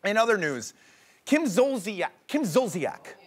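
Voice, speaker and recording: A young man hosting a comedy show, telling jokey stories in an animated way and laughing through them. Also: high voice, measured pace. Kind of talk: comedic monologue.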